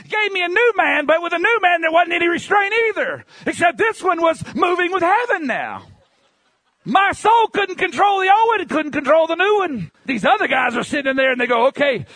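Preacher, male, high-pitched, dry close sound, lively storyteller who shouts at peaks. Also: normal speed, no echo. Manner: animated storyteller, bursts into shouts. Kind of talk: sermon with personal testimony.

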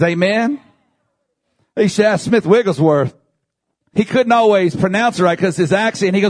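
Fervent preacher with a husky voice. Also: male voice, a little high, expressive, moderate pace, long pauses. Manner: rising to fervent shouts, calls for amen and hallelujah. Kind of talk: sermon.

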